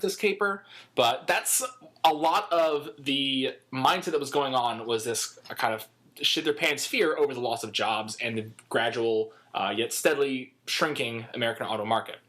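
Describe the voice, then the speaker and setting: A man's voice: mid-range voice, moderate pace, a bit bright. A man co-hosting a podcast, giving blunt, profane opinions on a movie in casual chat. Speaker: podcast co-host.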